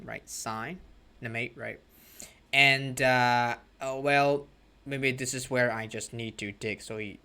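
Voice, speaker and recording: A man's voice: medium pitch, sharp tone. A man from Myanmar, an English teacher explaining a story to students and often checking in with "right?".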